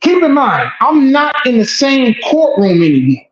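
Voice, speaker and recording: A man who is a guest telling an emotional first-person story, animated and blunt, repeating phrases and swearing. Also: very high-pitched, moderate pace. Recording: echoey dull lo-fi room.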